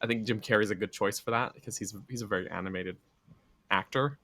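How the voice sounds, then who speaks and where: A man's voice: lowish voice, fast talker, bright, forceful tone. A young man co-hosting a casual gaming podcast, laughing often and restarting his words. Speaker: podcast co-host. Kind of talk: casual chat.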